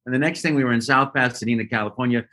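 A man, a voice actor, telling lively stories in a casual interview and often jumping into high voices to quote people. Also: very fast. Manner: lively anecdotal storyteller who jumps into high quoted voices. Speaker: voice actor guest.

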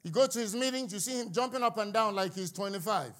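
A high-pitched man delivers a sermon to his congregation. He preaches with fervor, climbs to near-shouts on his key points, and breaks it up with playful jokes. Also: fast. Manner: impassioned, building to shouts, with joking asides.

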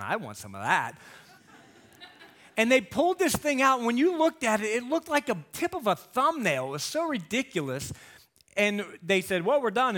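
Animated man preaching a sermon. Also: fairly high pitch. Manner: animated storytelling, acting out quotes. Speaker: guest preacher and coach.

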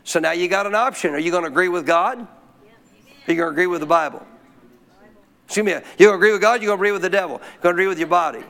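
A man preaching a sermon as pastor, telling a story with lively questions to the congregation. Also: sits high, racing, vocal fry. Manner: animated storytelling, asks the crowd questions.

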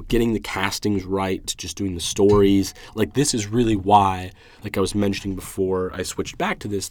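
With a low-sitting voice and no room sound, a young man rambles through a casual solo film review on his podcast. He's eager and emotional, restarting his thoughts often.

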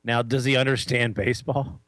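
A man's voice: mid-range voice, level tone, moderate pace, a bit bright, dry recording. A man chatting casually as a co-host, teasing and making wry remarks. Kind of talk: casual chat.

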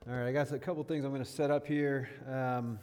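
A man's voice: mid-range voice, fairly even intonation, fairly quick, a little mellow, clear, resonant tone. A man in his thirties giving a casual sermon-style talk as a guest speaker, chatty and self-deprecating, often checking in with listeners. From northern New York State. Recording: long hall reverb.

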